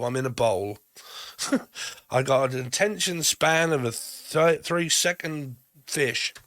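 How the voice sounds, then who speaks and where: A man talks his way through a tarot reading, jumping from card to card. He swears freely and laughs between his thoughts, at an ordinary middle pitch. The sound is dry and close, with no room echo. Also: a bit bright. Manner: rambling, swears often, laughs between phrases. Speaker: tarot reader.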